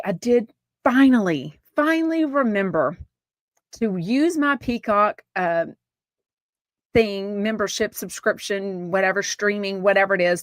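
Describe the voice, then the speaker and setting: A woman's voice: medium pitch, no echo. A woman from Texas with a Southern accent hosting a podcast, gossiping frankly and casually, swearing now and then and answering live comments. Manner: chatty, frank, swears casually, lively asides. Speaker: podcast host.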